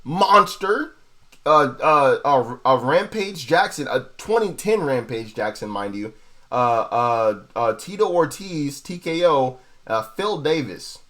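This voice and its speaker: A young man hosting a casual fight analysis, profane and excitable, repeating himself and tossing in bro and dude. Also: medium pitch, a little slow. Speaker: MMA analysis host.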